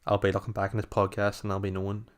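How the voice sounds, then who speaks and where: A man in a casual podcast chat with a lower voice than most men. He teases his co-host in a wry, easygoing way. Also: monotone, rapid-fire.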